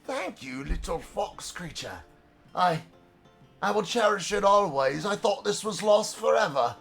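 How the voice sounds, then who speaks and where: A man's voice: high voice, expressive, measured pace, vocal fry, fairly bright tone, breathy edge, faint music behind, pitched above the performer's own voice, exaggerated voice. A man voicing a cowardly, drunken male gambler who whines, stammers and begs. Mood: grateful. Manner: whining, stammering, begging.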